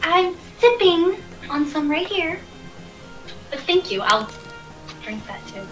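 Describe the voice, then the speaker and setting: Woman putting on a high, slow-spoken clerk, bright and sing-song, dutiful and polite. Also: big pitch swings, distant mic, faint music behind, full character voice, poor audio. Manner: polite, focused on her work.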